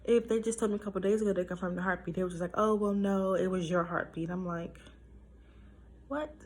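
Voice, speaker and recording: A woman's voice: on the low side, steady tone, quick pace, darkish tone. A young adult woman telling a personal story in a casual vlog, emotional and full of fillers. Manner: emotional, talks through it with fillers. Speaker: vlogger sharing a personal story.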